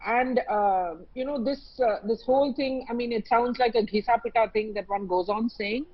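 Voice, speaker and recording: A woman's voice: on the high side, moderate pace, breathy edge. A woman panelist with an Indian English accent, speaking in an impassioned, emphatic way with many fillers in a televised debate. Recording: slightly muffled broadcast audio.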